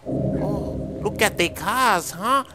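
A man voicing a menacing male crime boss, giving slow threatening orders in a game roleplay. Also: high voice, lively intonation, noisy background, pitched above the performer's own voice, exaggerated voice.

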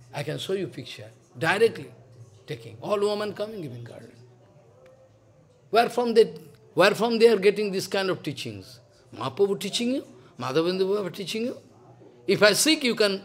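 A man's voice: high voice, breathy edge. Older man giving an emphatic devotional lecture. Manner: broken English, repetitive, emphatic. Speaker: spiritual teacher.

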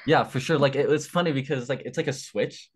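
Casual young male interviewer, filler-heavy and apologetic, medium pitch. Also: a little fast, breathy edge. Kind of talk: casual chat.

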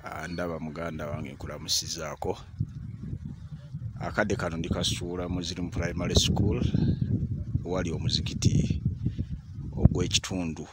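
A man gives a measured, informal walkthrough outdoors. His voice is very low, and clear background noise runs under the recording. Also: level tone. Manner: measured, explanatory, with hesitations. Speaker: video presenter touring a mosque. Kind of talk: informal guided presentation. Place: outdoors at a village mosque.

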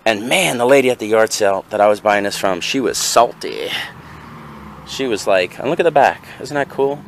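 A man's voice: lowish voice, animated, normal speed, creaky, a little hiss or hum. A man in a casual haul vlog, rambling through his thrift finds and talking straight to viewers, often correcting himself mid-sentence. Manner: rambling, chatty storyteller; self-correcting, talks to viewers directly. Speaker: reseller showing his finds.

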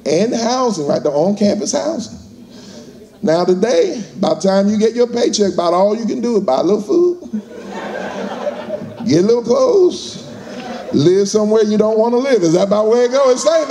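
A man's voice: sits high, big pitch swings, moderate pace, mellow, a faint crowd. A man giving a fired-up motivational speech to a live audience, using call-and-response and acting out voices. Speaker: motivational speaker.

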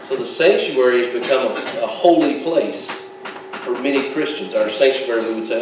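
A man's voice: mid-range voice, animated, moderate pace, noisy background. Man preaching a folksy sermon in an echoey church. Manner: folksy, joking asides with laughs. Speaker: pastor. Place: church sanctuary. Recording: echoey church hall, mic at a distance.

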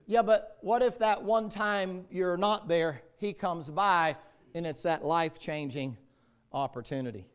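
A man's voice: high-pitched, measured pace, clear, resonant tone. A man with a Southern US accent preaching a sermon as pastor, in a folksy, joking storytelling manner.

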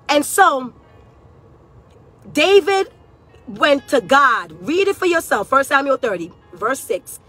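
A woman delivers a fervent prophetic sermon in a high voice. Her tone is bright and cutting, she repeats phrases and rises into shouts. Faint music plays behind her. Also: expressive, measured pace, pauses often, husky. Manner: fervent, repetitive, shouting at peaks. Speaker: preacher.

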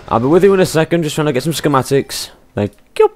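Man, let's play commentary, chatty, animated pitch, headset mic. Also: moderate pace, hardly any pauses, smooth, soft background music. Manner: chatty, exclaiming at the game. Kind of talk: casual gameplay commentary.

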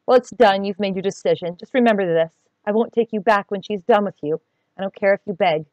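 A woman's voice: medium pitch, a little fast, a little mellow, no echo, dull audio, natural voice. A woman voicing a haughty teenage girl who talks in an affected fancy tone to hide her hurt. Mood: stung. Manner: mock-fancy, wounded pride.

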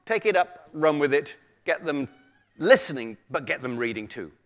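A man's voice: a little high, big pitch swings, moderate pace, fairly bright tone, slight background noise. A man who is a storyteller, speaking to teachers in a chatty, joking, self-deprecating way. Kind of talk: humorous talk to an audience.

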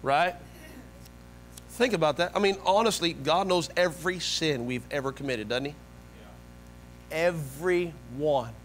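Animated high-voiced man preaching. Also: unhurried, pauses often, slight background noise, rough recording. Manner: animated preaching with sudden loud high bursts and soft low asides. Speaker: pastor. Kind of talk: sermon. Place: church sanctuary.

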